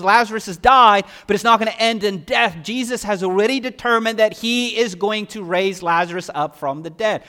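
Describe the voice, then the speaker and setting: A man preaching a sermon, asking rhetorical questions and swinging from loud emphasis to hushed lines. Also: high-pitched. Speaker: pastor. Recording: long hall reverb.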